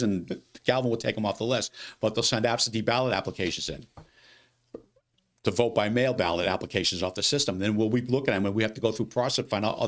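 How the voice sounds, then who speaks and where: Brief: man, elections official, rapid gravelly delivery, animated, repeats himself, studio interview. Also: mid-range voice. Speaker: city elections director. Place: local TV studio.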